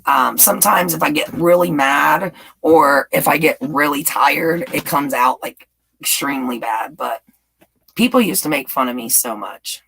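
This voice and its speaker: A woman's voice: sits low, unhurried, creaky, fairly bright tone, husky, low-quality recording. A woman with a light Southern US accent hosting a casual live-stream chat, gushing and laughing often as she answers viewers. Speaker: YouTube live-stream host. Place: home in Texas.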